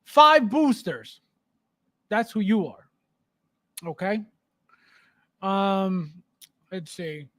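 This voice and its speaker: This livestream host's voice is very high, pushed, and bright, and he is very animated yet slow, leaving long pauses. He reads viewers' messages aloud, laughs often, and delivers blunt, emphatic rants about his hobby on his casual stream.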